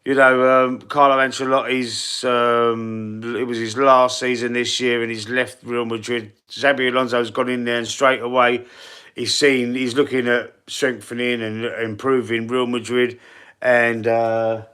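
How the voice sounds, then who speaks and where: A man's voice: mid-range voice, little pitch movement, unhurried, pushed and bright, clear, resonant tone. A man from East London with a Cockney accent, hosting a casual football live stream, rambling and chatty with many fillers and a runny nose. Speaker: football channel host.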